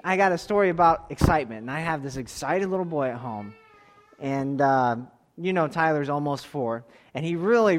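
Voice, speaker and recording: A man in his thirties leading a church class, telling a story in a relaxed way, with soft asides and emphatic bursts. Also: high-pitched. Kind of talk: sermon-style Bible lesson.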